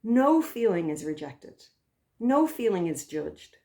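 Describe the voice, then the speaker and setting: A gentle woman talks things through as a therapist, calm and thoughtful. Her speech moves in soft, unhurried phrases, and she often pauses to find the right word. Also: mid-range voice. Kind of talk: reflective spoken talk to camera.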